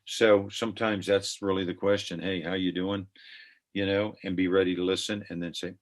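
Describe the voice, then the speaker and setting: An older man with a notably low voice talks earnestly as a podcast guest. He is reflective and conversational, drawing on personal stories. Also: flat delivery, normal speed. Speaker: guest, ministry founder.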